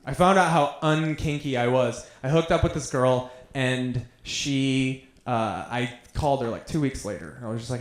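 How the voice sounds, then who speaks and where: A young man at a mid-range pitch works through a stand-up comedy set with profane, self-deprecating tales. His voice rings out in an echoey room. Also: normal speed, hardly any pauses.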